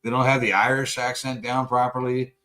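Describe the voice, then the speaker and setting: Man, casual podcast rant, heavy swearing, animated, mid-pitched voice. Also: brisk, poor audio. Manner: profane, animated ranting. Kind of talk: casual late-night chat.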